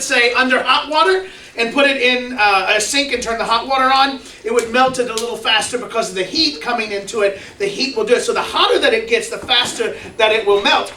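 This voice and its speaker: A man's voice: very high-pitched, bright, forceful tone. A man performing a comedic science skit for children, playfully asking the kids questions and cheering their answers. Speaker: children's ministry presenter. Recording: echoey room, mic far off, faint noise.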